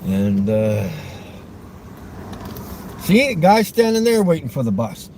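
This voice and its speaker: A man's voice: mid-range voice, very animated, takes it slowly, darkish tone. A man from Westchester County, New York, vlogging from his car in rambling, provocative talk with frequent laughs. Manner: provocative, teasing, laughs often. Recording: car noise behind.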